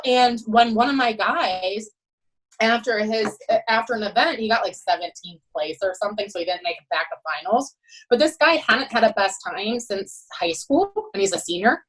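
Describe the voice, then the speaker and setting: A woman who is a head swim coach, telling animated, emphatic stories in a podcast interview and often adding "you know" and "right.". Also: mid-range voice, poor audio.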